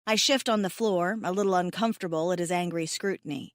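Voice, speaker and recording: A woman's voice: fairly low pitch, brisk, few pauses, no room sound, studio quality. A woman narrating a first-person romance audiobook in an emotive, tearful, self-mocking way.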